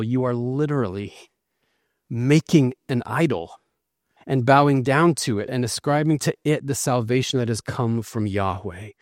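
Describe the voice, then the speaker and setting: A man's voice: medium pitch, normal speed, dry recording, clean studio sound. A man preaching an expository sermon, earnest and emphatic as he explains and reads scripture. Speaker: pastor.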